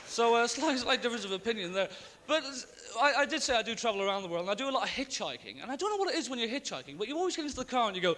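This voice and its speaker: Young man, stand-up comedian, deadpan asides, high pitch, big swinging intonation, long theatre reverb. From Ireland. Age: young adult. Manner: deadpan asides, acts out quick voices of others. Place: large theatre stage with audience. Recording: live theatre recording with long reverb and faint ambience.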